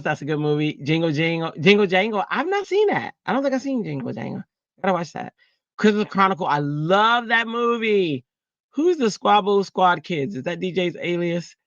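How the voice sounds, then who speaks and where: A woman's voice: lowish voice, no room sound, lo-fi sound. A middle-aged woman hosting a casual craft livestream, chatting with viewers and reading their comments aloud. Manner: chatty and animated, laughing, teasing chat. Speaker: craft channel host.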